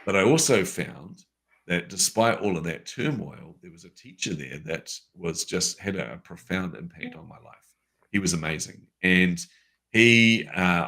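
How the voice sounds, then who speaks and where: A man with a New Zealand accent, a guest telling a story from his life in a lively, casual way with everyday fillers. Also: low-pitched. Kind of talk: conversational storytelling.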